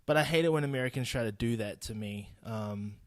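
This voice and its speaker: A young New Zealand man hosts his own casual solo podcast, speaking bluntly, laughing and swearing freely. His mid-range voice moves briskly, and the recording is dry with clean studio sound.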